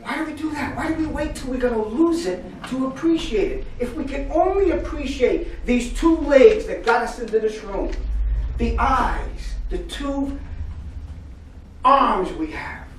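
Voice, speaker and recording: Energetic man leading a hall audience. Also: extremely high pitch, unhurried, slight background noise. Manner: energetic, jokey, call-and-response. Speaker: psychotherapist giving a talk. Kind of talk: live motivational presentation. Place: large public library hall. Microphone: far from the mic. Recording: echoey hall from far off. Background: audience responding.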